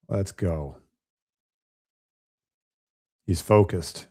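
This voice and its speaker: A raspy, hoarse man with a lowish voice calls a pool match from a quiet room at home. His tone is dark and mellow, and he keeps chatting and joking with the viewers between shots. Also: normal speed, hardly any pauses. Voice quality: raspy from a chest cold. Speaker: remote pool commentator. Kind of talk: casual live commentary.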